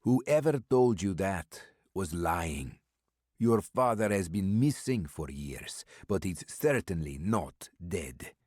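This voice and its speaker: A man's voice: deep voice, animated, takes it slowly, darkish tone, no room sound, clean studio sound, heavily acted. A man voicing a cagey old foreign businessman. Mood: cagey, insistent. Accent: thick clipped Eastern European. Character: burly older male foreign businessman, cagey. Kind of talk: audiobook character voice.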